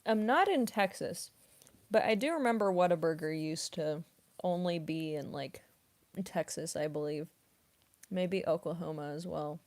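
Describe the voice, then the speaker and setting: A young woman voice actress casually answering chat questions on a stream, relaxed and rambling with many fillers, snacking as she talks. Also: lowish voice, measured pace. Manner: relaxed and rambling, many fillers, laughs often, eating while talking.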